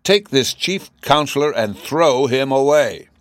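A man reading an audiobook voices a furious, bellowing male gnome king who shouts his commands. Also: fairly low pitch, lively intonation, normal speed, dry recording, studio quality, lightly acted. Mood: roaring.

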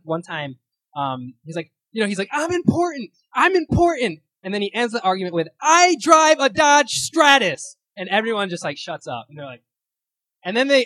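Husky-voiced young retreat speaker, chatty and casual. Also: medium pitch, no room sound, rough recording. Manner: chatty, many fillers, acts out quotes and laughs at own stories. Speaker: retreat speaker leading a Bible study. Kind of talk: casual teaching talk. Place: meeting room at a retreat.

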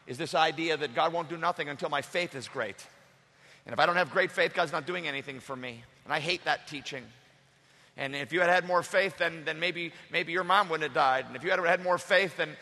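A male pastor preaching a lively sermon, acting out the story and drawing the congregation in. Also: on the high side. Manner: animated, acts out the story with the congregation. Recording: echoey hall.

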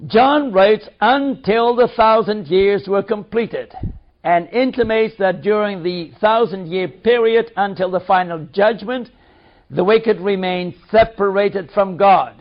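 A man reading a study text aloud in a measured, deliberate way. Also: high-pitched. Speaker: reader. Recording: dull lo-fi recording.

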